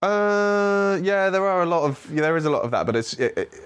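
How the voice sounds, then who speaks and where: A young man chatting as a podcast guest, loose and full of fillers, with lively jumps in pitch. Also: brisk, smooth. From United Kingdom. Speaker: podcast guest, theatre maker. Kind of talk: casual interview chat.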